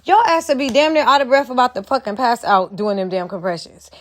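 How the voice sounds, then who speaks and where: Donna dalla voce acuta, schietta e scurrile, che commenta con foga. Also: female voice, fairly high pitch, a little fast. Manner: heated, blunt, profane, repetitive. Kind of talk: profane reaction commentary.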